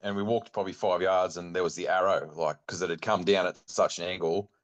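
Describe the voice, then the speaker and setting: Low-voiced Australian man spinning a yarn. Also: a little fast, dull audio. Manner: rambling, animated anecdote telling with many fillers. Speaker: guest, bowhunting club chairman. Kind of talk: casual storytelling chat.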